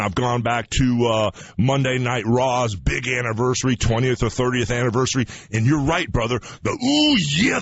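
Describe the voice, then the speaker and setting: A male guest answering a caller in a brash, casual way, calling him brother. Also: mid-range voice. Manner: brash, calls people "brother". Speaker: wrestler guest. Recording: dull, slightly noisy recording.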